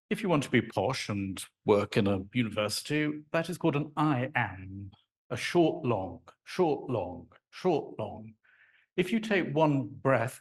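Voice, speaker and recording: Man giving a lively lecture. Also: on the high side. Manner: animated and conversational, acts out sounds and rhythms. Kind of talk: live lecture to an audience. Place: lecture hall.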